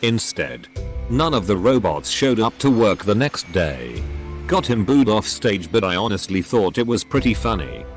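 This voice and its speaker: Guy reading reddit posts out loud, lowish voice, bouncy intonation, says the punctuation too. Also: sing-song, moderate pace. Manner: reads punctuation marks aloud. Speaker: narrator reading forum posts. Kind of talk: reading forum posts aloud. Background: faint background music.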